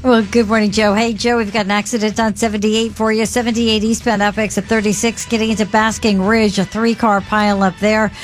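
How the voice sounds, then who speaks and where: A woman delivering a radio traffic report, briskly listing roads and delays in a crisp, rapid, scripted delivery. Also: mid-range voice, little pitch movement. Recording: faint music bed under the voice.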